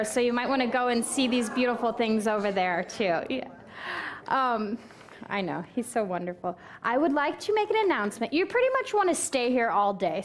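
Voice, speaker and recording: A woman co-minister giving upbeat, chatty church announcements and then leading a soft, reflective prayer in a sanctuary. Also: high-pitched.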